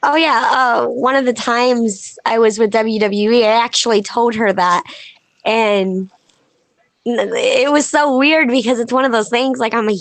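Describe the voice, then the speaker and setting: A woman professional wrestler talks as a guest on a podcast, casual and animated. She acts out the dialogue she quotes in her stories. Her voice sits fairly high, and the recording is dry and close. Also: unhurried, dry recording. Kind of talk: casual podcast interview storytelling.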